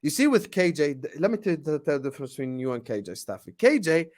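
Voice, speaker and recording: A man's voice: a little high, sing-song, fast talker, darkish tone. Ranting football fan, man. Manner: passionate, ranting, mocking impressions. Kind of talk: heated fan rant.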